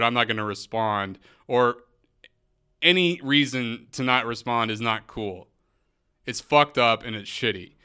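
A man's voice: medium pitch, sharp tone, clean tone. A man hosting a podcast, telling a story in a casual, profane rant with lots of fillers. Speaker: podcast host. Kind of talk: casual monologue.

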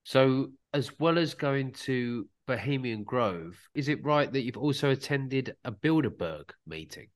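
A man's voice: mid-range voice, expressive, measured pace, hardly any pauses. A male podcast host asking a guest brief, direct questions. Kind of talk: interview questions.

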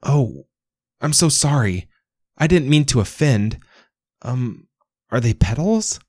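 A man's voice: mid-range voice, very animated, slow, a little mellow, no room sound, clean studio sound, pitched above the performer's own voice. A man voicing a timid, eager young male basil plant in a storybook reading, pleading and apologetic. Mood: earnest.

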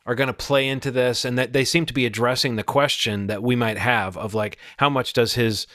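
A man's voice: mid-range voice, steady tone, a little fast, a bit bright, dry recording, clean studio sound. A man hosting a casual podcast chat, talking eagerly and thinking aloud with frequent restarts.

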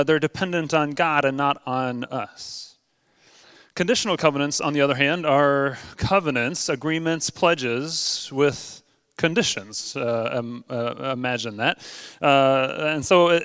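A man's voice: fairly high pitch, unhurried, fairly bright tone, clean tone, no room sound, clean studio sound. A man preaching a sermon in an earnest, conversational way, with many ums and uhs. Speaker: pastor.

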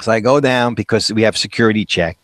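A man's voice: fairly low pitch, fast talker, a bit bright, dry recording. A man co-hosting a casual chat, telling anecdotes with chuckles and acting out quoted voices. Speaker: co-host.

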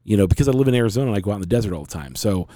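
A man's voice: lowish voice, animated, very fast, mellow, no echo, studio quality. A man in his forties, hosting a podcast and earnestly telling a long, rambling personal story in casual conversation.

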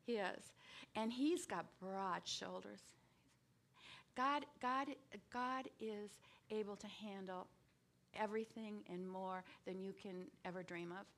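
A woman in her sixties giving a conversational sermon with frequent restarts and lively bursts. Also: medium pitch, takes it slowly. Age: 60s or older. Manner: conversational, with many restarts and sudden bursts of animation. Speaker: speaker giving a devotional talk.

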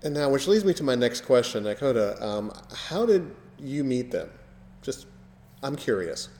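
A man's voice: medium pitch, very animated, moderate pace, warm tone, a little hiss or hum. Host, man, dry humor, roomy reverb. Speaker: podcast host. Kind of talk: casual chat.

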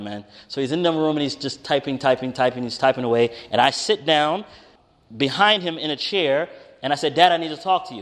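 A man preaching a conversational sermon, telling a personal story with animated, emphatic rises. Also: on the high side. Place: church hall with congregation. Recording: reverberant hall.

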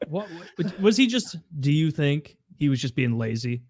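A man's voice: a little high, very animated, normal speed. A man reacting in a casual chat with short, agreeing comments.

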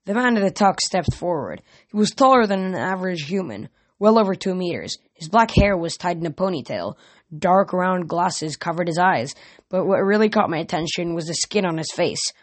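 A man's voice: high-pitched, expressive, normal speed. A young man reading a novel aloud as an amateur reader, plain delivery with small slips and restarts.

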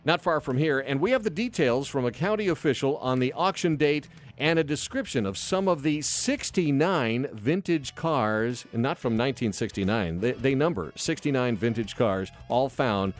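A man hosting a casual radio talk show, bantering with co-hosts in a lively, playful way from a studio microphone. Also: mid-range voice, moderate pace, hardly any pauses, faint music behind. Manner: lively, animated delivery with playful asides. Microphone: close studio microphone.

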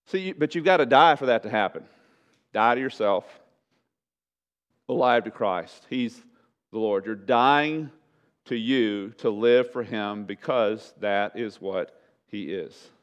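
A man preaching a sermon to a congregation, swinging from loud emphatic lines to hushed pleading and asking them rhetorical questions. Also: fairly low pitch, slow pace, smooth, muffled recording. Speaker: pastor.

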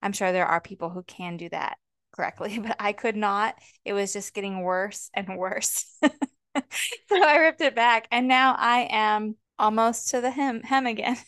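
Smooth-voiced chatty woman co-host. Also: mid-range voice, moderate pace, fairly bright tone, no room sound, clean studio sound. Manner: chatty, rambling, many ums. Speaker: podcast co-host. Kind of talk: casual chat.

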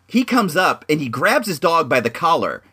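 A man's voice: fairly high pitch, big pitch swings, moderate pace, pushed and bright, husky. A young man telling a story in a casual, rambling monologue, often restarting his sentences. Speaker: vlogger.

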